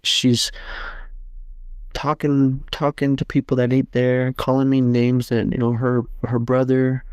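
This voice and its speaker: A man hosting a podcast, telling a personal testimony in casual, halting speech with many restarts and fillers. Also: mid-range voice, completely flat delivery, clear, resonant tone, no echo, studio quality. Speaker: podcast host.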